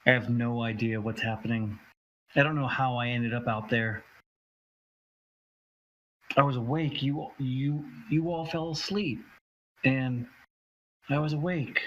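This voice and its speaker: A man's voice: mid-range voice, fairly even intonation, lo-fi sound, slight background noise, natural voice. A man voicing a dazed, confused young man who stammers and trails off. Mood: bewildered. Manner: halting, stammering, bewildered.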